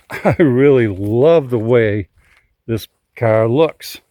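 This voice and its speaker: A man's voice: medium pitch, drawn-out words, mellow, no room sound. A man giving a casual update on his car projects from his driveway, talking with dry, wry humor. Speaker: hobby car restorer and channel host. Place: outdoors in a driveway.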